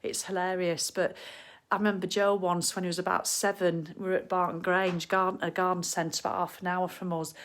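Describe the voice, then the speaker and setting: A woman's voice: on the low side, level tone, a little fast, few pauses. Chatty, cheerful woman. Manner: chatty, cheerful and blunt, with mild swearing and laughs. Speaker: live-stream host. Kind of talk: casual live chat. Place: home living room.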